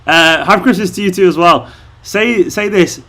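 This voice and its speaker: A Mancunian man hosting a casual live stream, joking as he reads out viewer comments. He is a little drunk and loose, and his voice sits slightly high for a man. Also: normal speed, bright, forceful tone. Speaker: fan channel host.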